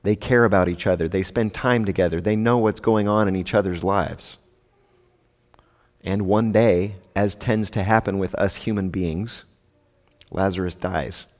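A man's voice: low-pitched, fairly even intonation, a little slow, a little mellow. Man preaching in a reverberant hall. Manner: conversational, with rhetorical asides. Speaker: pastor. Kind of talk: sermon. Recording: long reverb of a large hall.

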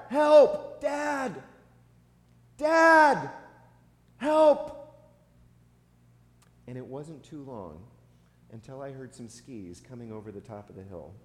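Preaching in a church sanctuary, an American pastor tells a personal story in a conversational style at a moderate pace. His medium-pitched voice has lively intonation, with some restarts and soft laughs, while the hall's echo and faint ambience come through.

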